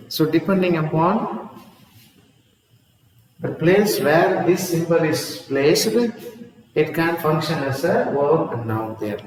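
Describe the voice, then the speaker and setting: Male English teacher, slow and deliberate, a bit high, recorded far from the mic in a roomy space. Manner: slow, deliberate, repeats himself. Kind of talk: online lesson. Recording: echoey room, voice from far off.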